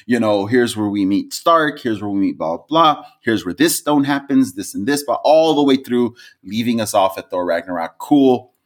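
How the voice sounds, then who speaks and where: A man co-hosting a podcast, telling a story in casual chat. He is animated, swears freely and breaks into high laughing peaks. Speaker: podcast co-host.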